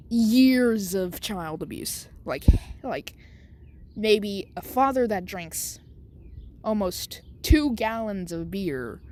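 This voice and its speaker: A woman's voice: mid-range voice, background noise. A woman casually making up and narrating a fan story, rambling with lots of fillers and restarts.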